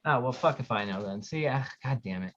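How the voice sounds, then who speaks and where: A man's voice: medium pitch, animated, brisk, fairly bright tone. A man co-hosting a casual livestream, reading viewer comments and ranting bluntly with frequent swearing. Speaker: podcast co-host reading chat. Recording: muffled lo-fi audio.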